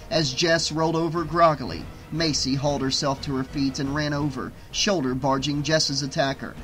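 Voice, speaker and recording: Bright male audiobook narrator. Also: fairly high pitch, low-quality recording. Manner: steady, even reading. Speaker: audiobook reader.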